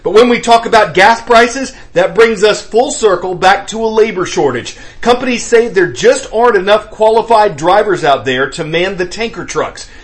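A man reading the news as anchor in a brisk, clear newsreader delivery. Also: high-pitched, expressive. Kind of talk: scripted news narration.

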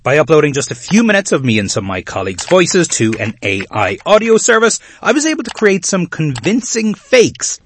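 Lively Irish male news correspondent. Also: on the high side, brisk, hardly any pauses, slightly rough. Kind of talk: news report narration.

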